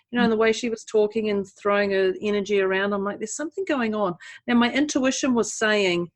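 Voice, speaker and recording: A woman's voice: fairly high pitch, brisk, few pauses. A woman co-hosting a podcast, talking casually. She tells a personal story in a chatty, self-deprecating way and breaks into laughter now and then. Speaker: podcast co-host. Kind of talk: casual conversation.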